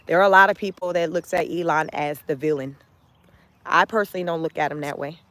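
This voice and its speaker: Give me an animated woman with a lowish voice, talking into a phone while she walks outside. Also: brisk, no room sound. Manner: animated, emphatic, rhetorical questions. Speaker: vlogger. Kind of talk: casual walk-and-talk commentary. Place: outdoors, walking. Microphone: phone camera.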